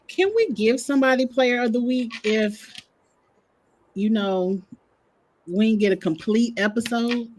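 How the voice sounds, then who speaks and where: Woman co-host, a bit high-pitched, easygoing, chatty speculation. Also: a little slow, long pauses, a little mellow, slight background noise. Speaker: podcast co-host. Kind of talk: casual chat.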